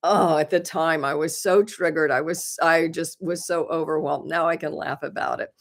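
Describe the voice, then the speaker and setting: Low-voiced woman chatting candidly. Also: steady tone, moderate pace. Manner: candid and self-deprecating, laughing often; encouraging and earnest. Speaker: live stream host. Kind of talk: casual chat answering viewer comments.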